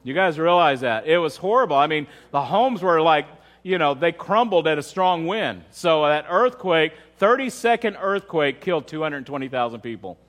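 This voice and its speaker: A high-pitched man gives a sermon at a church service. He talks to the congregation like friends, keeps asking them questions, and often repeats a word before a thought gets going. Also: lively intonation, moderate pace, a bit bright. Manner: conversational, questions the audience often; repeats words as he starts sentences. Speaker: pastor.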